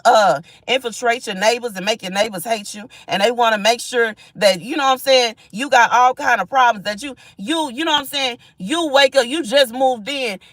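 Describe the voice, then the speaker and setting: A woman's voice: on the high side, fairly bright tone, no echo. A woman giving impassioned spiritual messages on a livestream, emphatic and repetitive, often asking "you know what I'm saying". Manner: reads and thanks viewers from chat.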